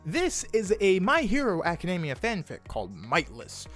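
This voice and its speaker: A man's voice: high-pitched, moderate pace, faint music behind. A young man reading fan fiction aloud in a casual way, stumbling over words and adding asides. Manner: animated, stumbles over words, laughs at the text.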